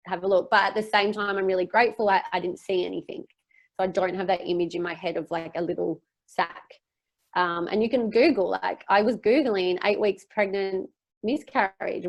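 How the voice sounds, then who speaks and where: Candid young woman sharing personal story. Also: mid-range voice. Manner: open and emotional, rambling with frequent fillers. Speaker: podcast guest.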